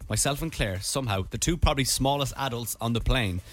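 A young Irish radio host tells a funny travel story in casual chat, playfully acting out the voices. He talks fast, with a medium-pitched, fairly bright voice.

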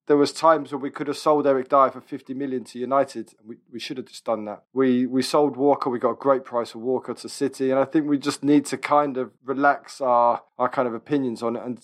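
A man with a mid-range voice co-hosts a casual football podcast. He argues his points with a skeptical, joking edge. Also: medium pitch. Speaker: podcast co-host.

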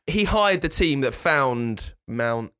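A man's voice: mid-range voice, takes it slowly, smooth, dry recording, studio quality. A man co-hosting a podcast, teasing and bantering in casual chat. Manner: animated, teasing. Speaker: podcast co-host.

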